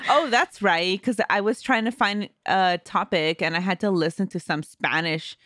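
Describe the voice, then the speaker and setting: A woman's voice: fairly low pitch, moderate pace, fairly bright tone, no room sound. A woman co-hosting a podcast in casual chat, laid-back with casual swearing and dry asides. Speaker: podcast co-host.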